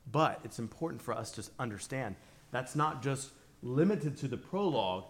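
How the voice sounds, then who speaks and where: A man delivers a sermon in a slow, measured cadence. His voice moves through a wide, lively pitch range, swelling with emphasis on the phrases he wants to land. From Virginia, USA. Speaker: preacher.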